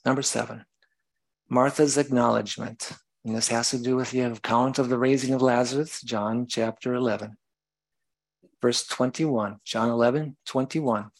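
A man's voice: mid-range voice, steady tone, normal speed, creaky, poor audio. A man preaching a sermon, reading scripture aloud and explaining it, sometimes stopping to correct himself.

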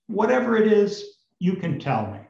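A man voicing a calm, kindly old village rabbi who speaks gently. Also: sits high, normal speed, gravelly, pitched above the performer's own voice, heavily acted. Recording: roomy, slightly dull recording.

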